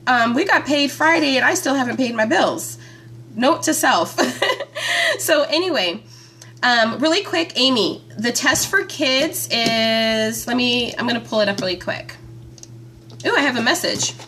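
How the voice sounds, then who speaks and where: A woman hosting a live stream from her phone, chatting with viewers by name in a chatty, excitable way. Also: on the high side, a little slow. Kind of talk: casual live-stream chat.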